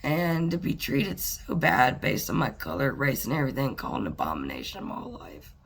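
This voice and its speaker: A woman talking to the camera in a personal, reflective monologue, halting and earnest, with pauses and sighs. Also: very deep voice, very animated, vocal fry, slightly rough. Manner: earnest and plainspoken. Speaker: vlogger.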